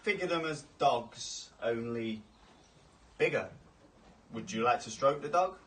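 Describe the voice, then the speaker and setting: A man's voice: mid-range voice, expressive, a little slow, breathy edge. Man playing a pompous arrogant king. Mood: haughty. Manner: grand, condescending, mocking, rising to furious shouts. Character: pompous arrogant male king, haughty and vain. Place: outdoors near stables. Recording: distant outdoor clip with faint ambience.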